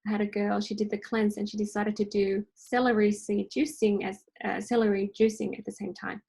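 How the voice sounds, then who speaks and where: A woman leads an online wellness workshop in a casual, conversational way. Her mid-pitched voice has a gravelly, husky edge. She keeps checking in with her listeners as she goes. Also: flat delivery, brisk, dark tone, rough recording. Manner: chatty, checks in with "okay?" and "right?". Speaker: energy healing workshop host. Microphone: online workshop recording.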